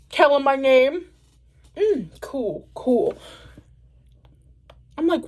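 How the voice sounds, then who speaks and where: Wanita bercerita dengan nada tinggi, hidup dan lambat. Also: female voice, high-pitched, slow, long pauses. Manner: profane, laughing, animated storytelling. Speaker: vlogger. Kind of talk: casual storytelling.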